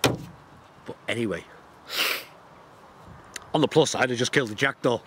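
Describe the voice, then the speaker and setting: A man's voice: mid-range voice, measured pace, very noisy. A man vlogging outdoors in the countryside, delivering a heated, blunt rant to camera and swearing constantly. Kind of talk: profane angry rant to camera.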